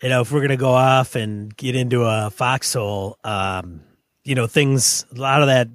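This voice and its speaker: A man co-hosting a casual podcast, reading listener mail and giving measured, opinionated takes. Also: medium pitch, no room sound. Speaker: podcast co-host.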